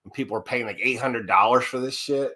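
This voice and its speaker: A man with a bright, forceful voice chats on a casual livestream. He is blunt and swears freely, ranting when something annoys him. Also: mid-range voice, fast. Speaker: co-host.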